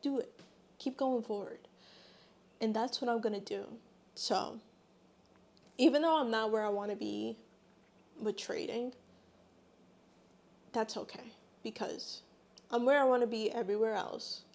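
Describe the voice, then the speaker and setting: A woman's voice: a little high, measured pace, gravelly, long pauses, a little mellow. A pregnant young woman talking earnestly and from the heart in a personal vlog, her words full of faith. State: eight months pregnant. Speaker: vlogger.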